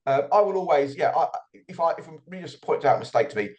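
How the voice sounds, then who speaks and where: A man's voice: fairly high pitch, expressive, fast, a little mellow, muffled recording. A middle-aged man answering as an author guest in an interview, reflective and often repeating his words as he starts a thought.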